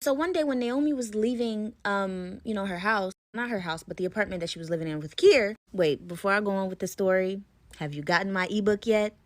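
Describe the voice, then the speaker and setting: A woman's voice: medium pitch, fairly quick, no echo. Chatty young woman telling a story. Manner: chatty, lots of "like" and "you know", drops into hushed tones. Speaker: storyteller in a short clip. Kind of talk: casual storytelling to viewers.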